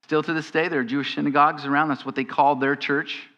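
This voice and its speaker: A male pastor delivers a sermon, talking it through in a conversational way and landing on emphatic questions. His voice sits a little high and sounds bright and forceful. The long reverb of a church hall trails after each phrase. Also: flat delivery, fast talker, highs cut off.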